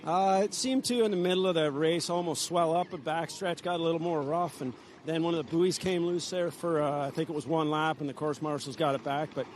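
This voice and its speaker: A man's voice: a little high, slight background noise. Out-of-breath older man after a race. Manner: halting, restarts sentences, modest. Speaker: racer interviewed after winning. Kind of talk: post-race interview. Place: outdoors at a racing venue.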